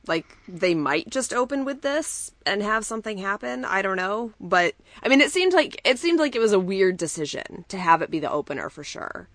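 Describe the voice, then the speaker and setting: A woman's voice: mid-range voice, big pitch swings, normal speed, few pauses, fairly bright tone, dry recording, clean studio sound. A woman co-hosting a podcast, chatting enthusiastically, laughing and swearing casually. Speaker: podcast co-host. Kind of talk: casual chat recapping wrestling.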